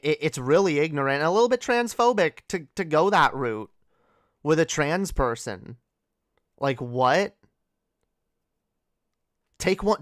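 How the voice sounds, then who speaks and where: A young woman hosting a livestream speaks in a slow, unhurried drawl with a smooth, resonant voice. She rants sarcastically, swears freely and laughs often. The sound is dry and close, with no room echo. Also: rumbling low. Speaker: livestream host. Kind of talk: casual late-night livestream rant.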